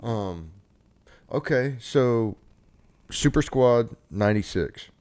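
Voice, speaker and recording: A man hosting a podcast, chatting in a relaxed way with short conversational replies. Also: medium pitch, slow, clean tone. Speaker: podcast host. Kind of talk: casual interview chat.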